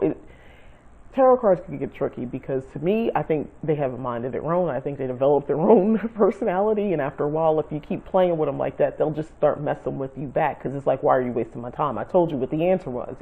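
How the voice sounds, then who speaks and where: A woman giving casual spiritual advice to camera, rambling and searching for words as she talks. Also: low voice. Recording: tinny phone-like sound.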